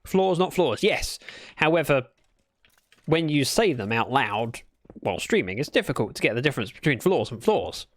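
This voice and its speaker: British male streamer, playful rambling chat, lively pitch, dry recording. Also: normal speed, dry recording. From Britain. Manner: rambling, playful, self-correcting. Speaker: livestreamer. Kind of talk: casual gameplay chat.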